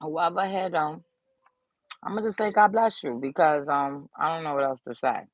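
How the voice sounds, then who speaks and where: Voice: medium pitch, normal speed, dry recording, poor audio. A vlogger talking casually to camera in a subdued, grieving way, rambling, swearing freely and losing track of the thought. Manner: rambling, loose and profane, loses track of the thought. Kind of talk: casual to-camera vlog talk.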